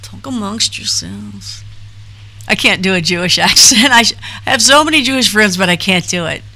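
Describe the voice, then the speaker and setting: A middle-aged woman hosts a live stream in a bright, forward voice. She chats loosely, reads viewer names aloud and fills gaps with fillers as she goes. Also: medium pitch, expressive, quick pace. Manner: chatty, rambling, reads chat names aloud with frequent fillers. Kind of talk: casual live-stream chat reading comments.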